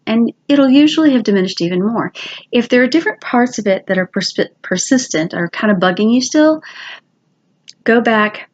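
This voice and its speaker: A woman giving casual, quick, chatty step-by-step instructions, demonstrating as she goes. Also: mid-range voice, dull audio.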